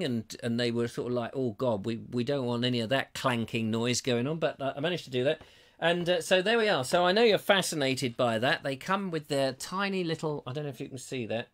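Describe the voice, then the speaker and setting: A man hosting a live online show, reading out viewer comments in a playful, theatrical, mock-excited and teasing way. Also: mid-range voice.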